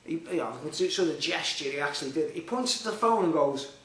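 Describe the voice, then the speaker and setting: A man, chatty and animated, telling a long rambling story to his viewers. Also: on the high side, quick pace, echoey room. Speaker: vlogger.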